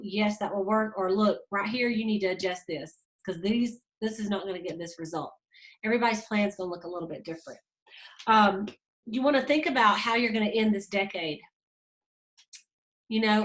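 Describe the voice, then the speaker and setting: A woman's voice: mid-range voice, fairly bright tone, low-quality recording. A woman hosting a motivational sales team call, upbeat and folksy, coaching her team. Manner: upbeat, pep-talk, folksy.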